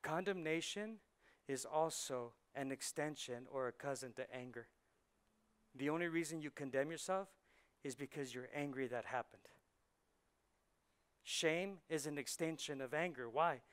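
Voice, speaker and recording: Animated preaching man, clear voice. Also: fairly high pitch, measured pace, pauses often. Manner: swings from hushed intensity to loud preaching; drops Spanish words into English. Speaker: pastor. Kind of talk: sermon. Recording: church sermon on a live mic.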